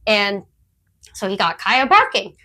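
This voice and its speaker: A woman's voice: mid-range voice, very animated, a little slow, sharp tone. Chatty woman telling dog-training stories. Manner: chatty storyteller who laughs often; acts out her dog's thoughts in quotes. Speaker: podcast co-host, disc dog trainer. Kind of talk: casual podcast chat.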